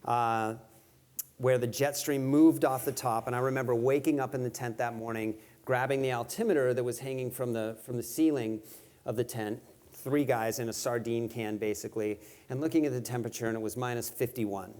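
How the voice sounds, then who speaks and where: A man's voice: mid-range voice, fairly even intonation, a little fast, darkish tone. A man giving a live talk to an audience, conversational and self-deprecating, telling stories with jokes. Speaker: guest speaker. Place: event venue with audience.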